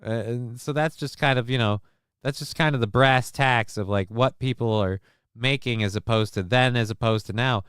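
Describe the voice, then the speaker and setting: A man's voice: medium pitch, normal speed, smooth, dry recording, clean studio sound. A man hosting a casual livestream show, rambling with many fillers and crude jokes as he reads the chat. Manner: gets loud and excited over news figures.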